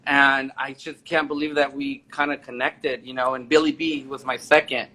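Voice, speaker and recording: Bright-voiced man in his forties, rambling. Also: mid-range voice, level tone, normal speed. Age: 40s. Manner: enthusiastic, rambling with many restarts. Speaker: interview guest, makeup artist and photographer. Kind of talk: casual interview chat.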